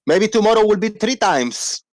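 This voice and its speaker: A man hosting a casual livestream, rambling playfully and reading out shout-outs to viewers. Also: high voice, lively intonation, normal speed, no room sound, studio quality. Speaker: livestream host. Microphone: desk microphone.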